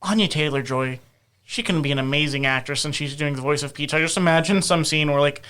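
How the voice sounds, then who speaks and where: A man's voice: fairly high pitch, fast talker, a bit bright, clear, resonant tone. A man co-hosting a gaming podcast, dropping dry, sarcastic asides. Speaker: podcast co-host. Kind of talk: casual chat.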